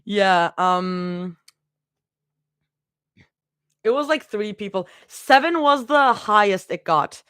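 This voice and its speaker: A woman's voice: mid-range voice, animated, slow pace, long pauses, a bit bright, clear, resonant tone, no room sound, studio quality. A young woman chatting casually with her livestream audience, giggling often and rambling between thoughts. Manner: giggly and rambling, talks to chat. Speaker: livestream fanfiction reader.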